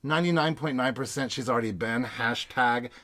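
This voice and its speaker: A man's voice: medium pitch, a little fast, a bit bright. Playful man co-hosting a podcast. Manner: laughs easily, playful, teasing. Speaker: podcast co-host. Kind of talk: casual chat.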